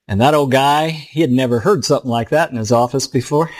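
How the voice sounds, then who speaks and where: A man's voice: mid-range voice, brisk, hardly any pauses. A middle-aged man, a pastor, telling a story in a sermon in an earnest, emotional way.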